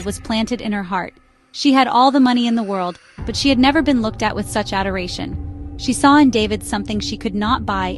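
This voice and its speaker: A woman telling a short story in a simple, dramatic narration style. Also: a little high. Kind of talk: scripted narration. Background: faint music.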